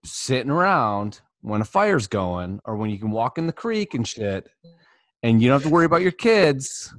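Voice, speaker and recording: A man's voice: mid-range voice, sing-song, normal speed, no room sound. A man co-hosting a podcast, joking in a loose, offhand and profane way. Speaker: podcast co-host. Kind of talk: casual podcast chat.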